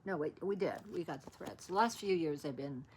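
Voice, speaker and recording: A woman's voice: deep voice, a little fast, a little mellow, a little hiss or hum. A woman vlogger chatting casually about her stitching patterns, rambling and interrupting herself as she searches. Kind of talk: casual show-and-tell chat.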